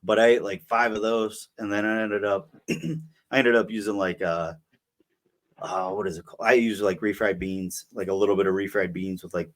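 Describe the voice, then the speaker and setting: A young man co-hosts a podcast, his voice sitting on the low side with a steady tone and a moderate pace. He spins a long, rambling story in casual conversation, packed with fillers.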